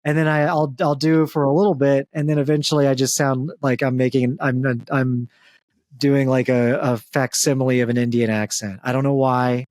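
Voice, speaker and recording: A man's voice: mid-range voice, little pitch movement, moderate pace, darkish tone, dry recording. Joking Southern man, dry close sound. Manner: joking, self-deprecating, laughs often. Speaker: podcast co-host. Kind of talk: casual comedic chat.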